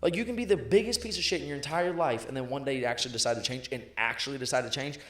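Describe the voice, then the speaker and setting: A man's quick-fire, punchy voice carries his points as a guest in a sales interview, blunt and often profane, hammering each line home by repeating it. The room rings with a noticeable echo around him. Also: medium pitch, fairly bright tone. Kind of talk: motivational interview talk. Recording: echoey room.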